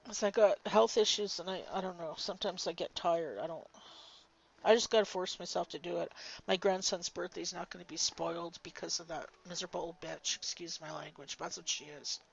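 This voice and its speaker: Gravelly older woman, blunt and swearing. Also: lowish voice, steady tone, fairly quick, dull audio. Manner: blunt, swears freely, emphatic. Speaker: vlogger. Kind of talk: personal storytelling vlog.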